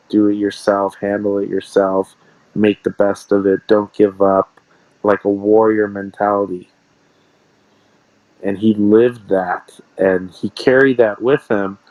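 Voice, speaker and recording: A man tells stories in a casual, rambling way and often circles back to repeat himself. His voice sits on the low side. The sound is dry, with no room echo. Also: darkish tone. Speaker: guest, sports card shop owner. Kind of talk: casual interview storytelling.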